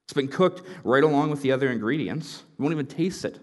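A man voicing a calm, patient father who reasons in a steady tone. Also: mid-range voice, quick pace, long reverb tail, natural voice. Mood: reasoning. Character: calm, firm, patient middle-aged father.

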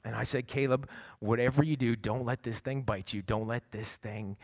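A middle-aged man, a pastor, preaching a sermon and telling a personal story, swinging from quiet asides to loud bursts. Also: mid-range voice, steady tone, moderate pace.

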